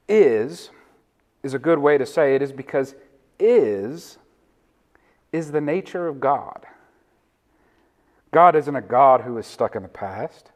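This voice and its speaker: A man preaching a sermon as pastor, laughing often and leaning hard on single words. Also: mid-range voice.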